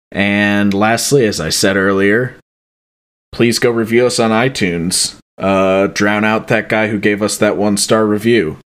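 A man's voice: lowish voice, a bit bright. A young man hosting a podcast, reading thank-yous in an offhand, joking way with many fillers. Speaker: podcast host. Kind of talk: casual podcast chat.

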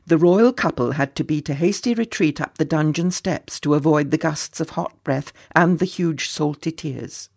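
A children's storyteller reading aloud in a mid-range, gravelly voice. The reading is playful, with chatty asides that tease and address the young listeners directly. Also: medium pitch, normal speed, few pauses, darkish tone. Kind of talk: storybook narration.

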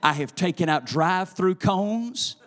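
A male preacher delivering a sermon in a chanting, sing-song cadence that swells into shouts. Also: high voice, lively intonation, unhurried.

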